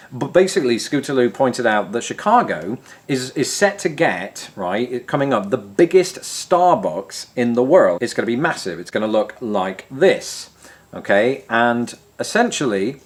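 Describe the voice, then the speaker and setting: Chatty English man from Grimsby. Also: mid-range voice. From England. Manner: chatty and wry, self-deprecating jokes; some American-style R sounds in his English speech. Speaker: YouTube host answering viewer questions. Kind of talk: casual chat to camera.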